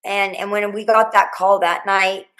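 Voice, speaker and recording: Halting middle-aged woman retelling a trauma. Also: mid-range voice, level tone, fairly bright tone, low-quality recording. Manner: rambling, halting retelling with many restarts and quoted dialogue. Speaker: guest, mother of a murdered student. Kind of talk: emotional interview storytelling.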